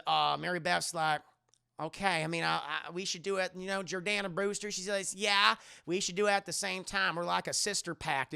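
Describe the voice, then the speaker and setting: A young man rattles through a movie plot for his live chat, cursing freely and jumping into quick voices for every character. His voice sits high with a heavy gravelly rasp and a bright, sharp edge. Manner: rambling, profane, acts out characters in quick voices. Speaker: streamer reviewing a movie.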